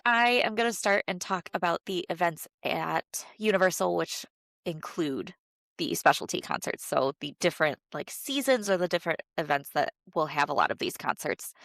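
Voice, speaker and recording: Low-voiced nasal woman with a cold. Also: a bit bright, dry recording, studio quality. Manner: chatty, many fillers, laughs often. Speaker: podcast co-host. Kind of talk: casual chat.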